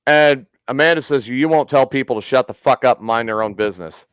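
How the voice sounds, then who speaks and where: A man's voice: mid-range voice, a little fast, clear, resonant tone, no echo. A man hosting a casual podcast, telling a long profane story and acting out the quotes. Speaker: podcast host.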